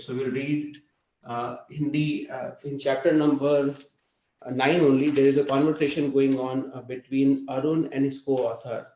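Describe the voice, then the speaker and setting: A man's voice: medium pitch, a little mellow, echoey room, rough recording. A man teaching a language class, explaining patiently and checking in with students often. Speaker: Hindi teacher.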